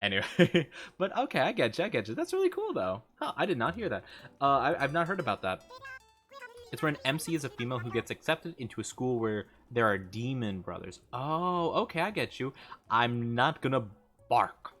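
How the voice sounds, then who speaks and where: A young man with a medium-pitched, sing-song voice and a fairly bright tone chats casually with viewers while streaming a game. He talks at a moderate pace, stays upbeat and chatty, greets his viewers, and laughs often.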